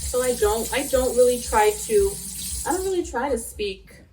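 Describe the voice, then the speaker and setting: A woman's voice: on the high side, expressive, normal speed, darkish tone, echoey room, distant mic, slight background noise, rough recording. A young woman born in Jamaica, chatting casually while she cooks and trying out patois phrases. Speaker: cooking vlogger. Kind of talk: casual chat while cooking.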